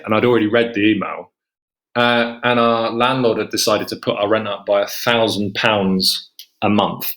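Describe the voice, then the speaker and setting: A man in his forties from England tells a long personal story as a podcast guest. His voice sits on the low side, and he rambles casually, slipping into lifted voices when he quotes what he and others said. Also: steady tone, fairly quick, a bit bright. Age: 40s.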